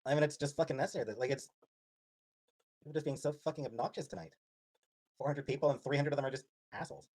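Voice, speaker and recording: A man's voice: a little high, fast talker, creaky, long pauses, a little mellow, slightly rough. A man livestreaming, irritated and swearing as he snaps at his chat. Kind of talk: livestream rant.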